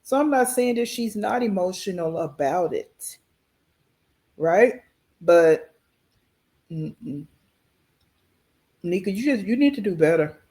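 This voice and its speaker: A woman hosting a reaction channel, giving blunt, emphatic commentary as she pauses a clip. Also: mid-range voice, animated, mellow.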